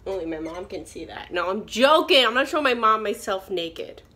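Young woman vlogger, mid-pitched, rambling bathroom chatter full of swearing. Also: sing-song, moderate pace, sharp tone. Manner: chatty, rambling, swears a lot and laughs often. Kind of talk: casual chat. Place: bathroom, in a towel.

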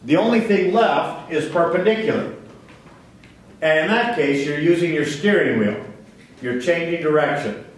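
A man's voice: a little high, far from the mic. A man giving a physics lecture to a class, asking questions and answering them himself. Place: lecture hall. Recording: very echoey hall, voice from off-mic.

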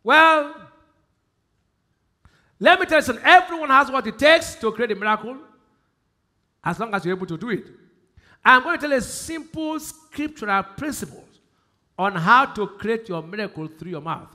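Nigerian guy preaching, high bright voice, keeps asking the crowd questions and repeating himself. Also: animated, moderate pace, long pauses. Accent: Nigerian English. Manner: call-and-response questions, repeats key phrases, swings from loud emphasis to quiet. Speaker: pastor. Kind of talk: sermon.

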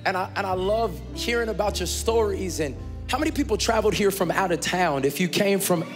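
A man pastor addressing his congregation live in a large church sanctuary, energetic and playful, shouting out to the crowd. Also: high-pitched, brisk. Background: worship music.

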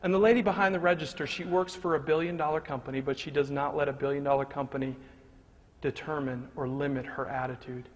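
A man giving a lively, humorous motivational talk, telling a story to a live audience in a large hall. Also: fairly high pitch, quick pace. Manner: animated and humorous, swings between loud punchlines and hushed moments. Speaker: motivational speaker. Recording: long reverb of a large hall, faint noise.

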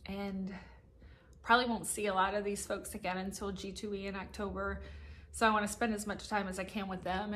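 A woman's voice: medium pitch, fairly bright tone, a little hiss or hum. Emotional middle-aged woman vlogging, faint ambience. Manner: emotional, laughing through tears, rambling restarts. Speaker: casino slot vlogger. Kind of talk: casual heartfelt vlog talk to viewers. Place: hotel room upstairs at a casino.

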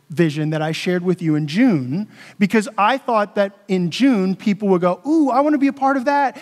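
A pastor addressing his congregation at a church meeting, earnest and emotional, often checking in with the room. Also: high-pitched. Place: church sanctuary. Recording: long hall reverb.

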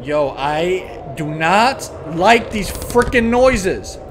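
Jumpy young man yelling at a horror game. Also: sits high, big pitch swings, drawn-out words, background noise. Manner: jumpy, loud outbursts, swearing slang. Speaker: gaming channel host.

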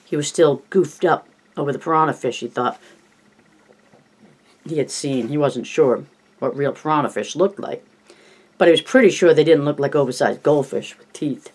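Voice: mid-range voice, moderate pace, long pauses, breathy edge. An amateur audiobook reader narrating plainly, with coughs, stumbles and self-corrections.

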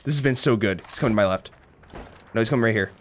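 A young man giving live commentary over his own gameplay, sarcastic and swearing, with sudden high-pitched bursts of panic. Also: rapid-fire, noisy background. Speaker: gaming commentator.

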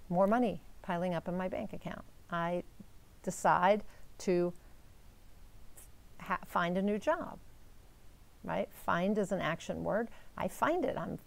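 A woman teaching in a casual, coaching way, checking in often with quick "right?" and "okay?" asides. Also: on the low side, gravelly. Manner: coaching, upbeat, uses rhetorical "right?" and "okay?". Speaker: manifestation coach.

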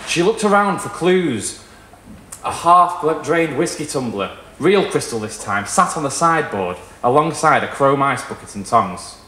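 A man reading a short story aloud at a live event, in an expressive storytelling manner. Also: fairly high pitch, measured pace. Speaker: reader. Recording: echoey room at a live reading.

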